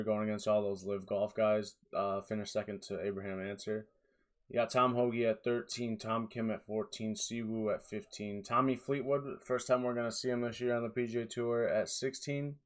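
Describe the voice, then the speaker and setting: A young man in his twenties giving rambling, tired solo commentary on fantasy golf picks, with lots of fillers and restarts. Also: on the low side.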